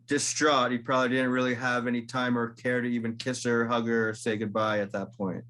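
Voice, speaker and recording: Podcast host guy, average voice, nudging the guest along with quick reactions. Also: medium pitch, flat delivery, a bit bright. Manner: sympathetic, prompting with short reactions. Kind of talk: casual interview.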